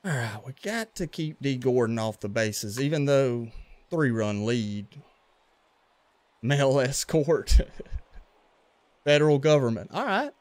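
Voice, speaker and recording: A man with a Louisiana accent livestreams a baseball video game. His voice sits in an ordinary middle pitch and is recorded dry and close, with no room sound. He talks in an easy, chatty way, reacting to plays and greeting viewers. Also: slow, pauses often, darkish tone, no echo. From western Louisiana. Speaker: gaming livestreamer. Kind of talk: casual game commentary and chat with viewers.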